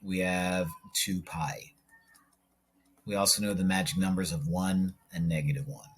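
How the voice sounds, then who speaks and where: A male math teacher with a slightly husky voice works through problems in an unhurried way. He talks through each step as he draws graphs and drops in little jokes along the way. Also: sits low, fairly even intonation. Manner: jokey, talks to himself while working problems. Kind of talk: video lesson while drawing graphs.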